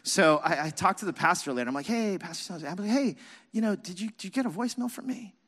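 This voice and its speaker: A man preaching as a pastor, telling a self-mocking personal story with lively, animated delivery. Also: sits high, fast talker. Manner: animated, self-mocking, acts out his own past shouting. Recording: reverberant hall.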